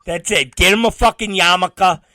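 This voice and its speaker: A man's voice: high voice, normal speed, no room sound. A man hosting a podcast, chatting casually, joking and swearing as he tells stories. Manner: profane, joking, animated storyteller. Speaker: podcast host. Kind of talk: casual chat.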